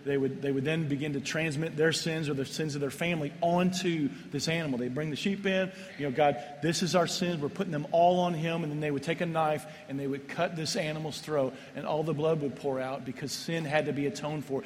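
Man, pastor, earnest sermon, slightly high voice, long hall reverb, faint ambience. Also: steady tone, a little fast, hardly any pauses, a little hiss or hum. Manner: earnest, repetitive, stumbles on restarts.

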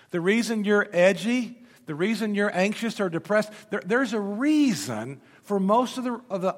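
Male pastor, slightly higher voice, emphatic sermon delivery, long church reverb. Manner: emphatic preaching, rising to loud peaks and dropping low. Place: church sanctuary.

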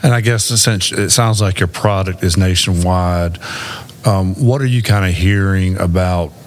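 A man's voice: sits low, a little slow, slight background noise. A man, an attorney, interviewing a guest on a podcast in a conversational way, with short, hesitant questions and a Southern US accent.

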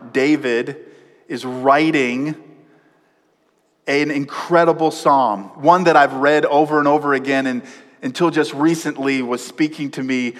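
A man preaching a sermon as pastor, animated, swinging from loud emphasis to hushed, quiet passages. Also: medium pitch. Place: church sanctuary. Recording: long hall reverb.

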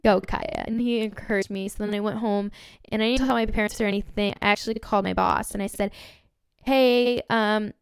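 Casual young woman, 19, excitable chatter, gravelly fry, dry close mic. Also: mid-range voice, fast talker, no room sound. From Southern California. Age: young adult, around 19. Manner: bubbly, excitable, heavy use of "like" and "literally". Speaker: podcast host. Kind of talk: casual storytelling monologue.

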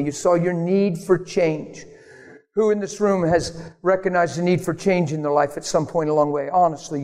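A man preaching a sermon to a congregation, telling a personal story and acting out prayers. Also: a little high. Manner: animated storytelling, acts out prayers and voices. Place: church hall. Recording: long hall reverb, faint music.

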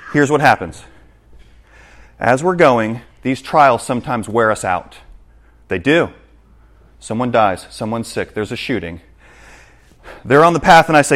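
A man preaching a sermon in church, animated, acting out scenes and checking in with the congregation. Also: medium pitch. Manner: animated, acts out scenes, asks the congregation "right?". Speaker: pastor.

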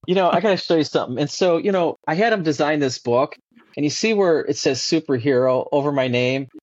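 A man talking as a podcast guest in a casual, animated way, with many fillers and restarts. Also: fairly high pitch, brisk, no room sound. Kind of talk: casual conversational interview. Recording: dull lo-fi dry sound.

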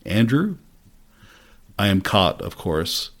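A man giving measured, reflective first-person narration of a novel for an audiobook. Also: sits low, steady tone.

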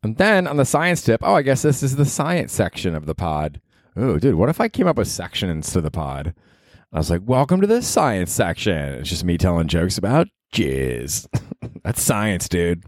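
A man's voice: sits low, very animated, moderate pace, no room sound, studio quality. A man in his thirties hosting a solo podcast, rambling casually, swearing freely and laughing at his own jokes. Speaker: podcast host.

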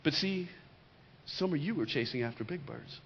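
A man's voice: on the high side, lively intonation, moderate pace, a little hiss or hum. A middle-aged man preaching a sermon as pastor, emphatic and repeating key lines, with joking storytelling asides. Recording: dull lo-fi recording in a reverberant hall.

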